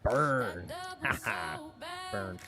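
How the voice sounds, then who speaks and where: A man's voice: lowish voice, animated, drawn-out words, bright, forceful tone. A man co-hosting a casual golf livestream, reading chat and teasing with mock announcer bits.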